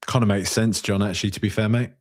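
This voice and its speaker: A man's voice: fairly even intonation, quick pace. Jokey man hosting a podcast. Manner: jokey, rambling, breaks into high-pitched bursts. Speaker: podcast host reading viewer comments. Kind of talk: casual live-stream chat.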